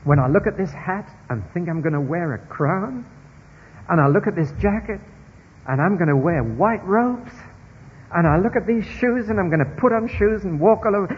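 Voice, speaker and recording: A man voicing an overjoyed poor elderly farmer who climbs to a loud, high shout, in a dull recording with long hall reverb. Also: expressive, normal speed, a little hiss or hum. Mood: exultant. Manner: exultant, rising to a shout.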